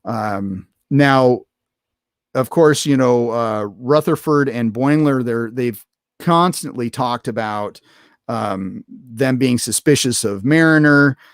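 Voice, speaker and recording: A man's voice: mid-range voice, slow pace, dry recording, clean studio sound. A man hosting a show, recapping an episode in casual unscripted talk, rambling with many fillers and restarts. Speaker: podcast host reviewing an episode.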